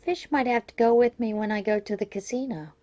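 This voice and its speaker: A woman's voice: a little high, fairly quick, dark tone, dull audio. A woman vlogger chatting casually as she unboxes a parcel of crafting gifts, gushing over each item.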